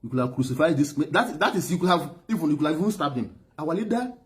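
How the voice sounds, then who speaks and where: Speaking quickly in a slightly high, expressive voice, a middle-aged Nigerian man with a Nigerian accent testifies about his past as a driver and aide. He is emphatic and repetitive, with heavy laughter and stammering throughout.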